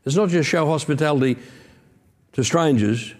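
A male pastor delivering a sermon in a fairly high voice. He preaches with earnest emphasis and breaks into casual asides to his congregation. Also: moderate pace, a little mellow.

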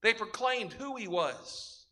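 A man's voice: high voice, lively intonation, takes it slowly, pushed and bright. A man preaching a sermon as pastor, emphatic, building his points through repeated parallel phrases.

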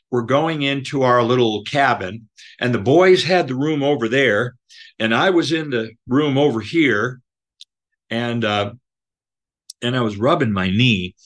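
Man, slow unhurried delivery, mid-pitched voice, earnest emotional storytelling, halting with fillers and restarts. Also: fairly bright tone. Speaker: podcast guest. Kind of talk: personal storytelling.

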